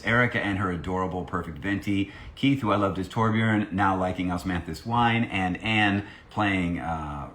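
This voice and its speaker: A man's voice: deep voice, fairly bright tone, echoey room, a little hiss or hum. A man, a voice actor, chatting playfully on a live stream while he signs autographs and reads out fan messages. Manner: playful and jokey, reading fan messages aloud. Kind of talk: casual live-stream chat.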